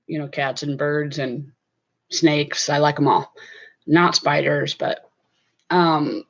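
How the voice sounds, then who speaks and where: A woman's voice: low-pitched, fairly bright tone, dull audio. A middle-aged woman chatting casually to camera from her home, rambling with many fillers. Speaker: vlogger.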